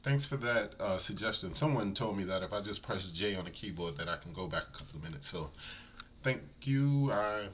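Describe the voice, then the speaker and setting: Bright-voiced man chatting to viewers. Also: fairly low pitch, lively intonation, fairly quick, a little hiss or hum. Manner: chatty, apologetic asides to viewers. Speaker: reaction video host. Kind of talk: casual commentary to viewers.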